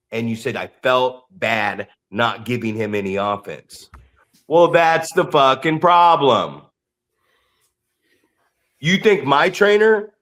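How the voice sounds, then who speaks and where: A man co-hosting a podcast in casual chat, his voice sitting a touch high. He tells profane, animated stories, acting out what other people said. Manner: profane, animated storytelling with acted-out quotes. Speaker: podcast co-host.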